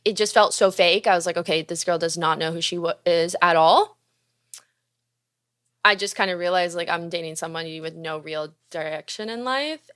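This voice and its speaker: A woman's voice: fairly low pitch, smooth, no room sound, studio quality. A young woman hosting a podcast, telling a story casually, swearing often and acting out what people said. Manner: profane, animated, acts out quoted dialogue. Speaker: podcast host and musician.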